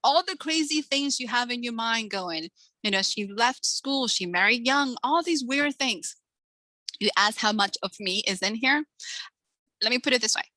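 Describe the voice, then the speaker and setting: A woman in her forties, an author, chatting in an interview and acting out quotes from her stories with lively energy. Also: fairly high pitch, normal speed, no echo, rough recording. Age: 40s. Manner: animated storyteller acting out quotes. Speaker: author, guest. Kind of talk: casual interview chat.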